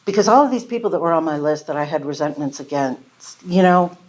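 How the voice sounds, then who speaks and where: A woman's voice: low-pitched, animated, fairly quick, darkish tone. A woman giving a candid, self-deprecating personal recovery testimony to a live audience in a meeting room, telling her story and acting out the conversations in it.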